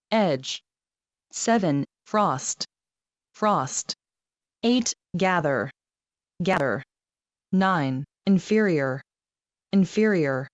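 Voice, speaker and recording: Female reader for word-list dictation, low voice, very slow, dull muffled sound. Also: no room sound. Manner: reads each word twice, evenly and deliberately. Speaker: vocabulary test reader.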